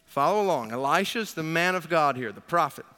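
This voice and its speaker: A man preaching a sermon, retelling a Bible story in an animated way with quips to the congregation. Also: on the high side, fairly quick, in a large hall. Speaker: pastor.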